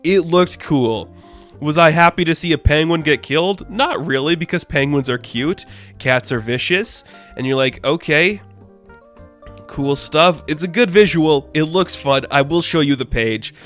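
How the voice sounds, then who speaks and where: A man's voice: a little high, a little slow, a bit bright, soft background music. A man reviewing a comic book in a casual, sarcastic and exasperated rant, addressing his viewers directly.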